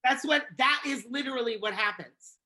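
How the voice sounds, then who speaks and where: Animated woman podcast co-host. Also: high-pitched, moderate pace. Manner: animated, laughing, trails off and restarts. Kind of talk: casual chat recapping reality TV.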